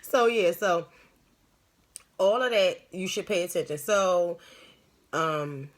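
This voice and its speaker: A woman's voice: lowish voice, lively intonation, slow. A woman hosting a live stream as a spiritual medium, telling stories and giving advice in a rambling, emphatic, slangy way.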